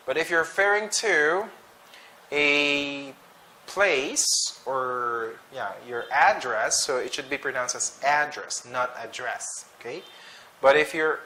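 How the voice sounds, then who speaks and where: A man teaching an English pronunciation drill, saying each word slowly and twice with short explanations. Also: a little high, bright, forceful tone, slight background noise. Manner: slow, deliberate, repeats each word twice.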